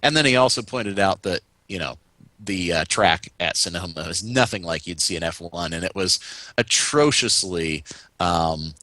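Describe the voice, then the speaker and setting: Deep, bright-toned podcast man. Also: lively intonation, normal speed, dry recording, low-quality recording. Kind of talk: casual motorsport podcast chat.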